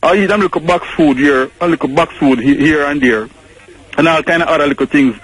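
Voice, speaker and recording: A man's voice: a little high, brisk, a bit bright, breathy edge, low-quality recording. A Jamaican man calling in to a radio show, making his points with rhetorical questions. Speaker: caller. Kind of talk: radio call-in chat.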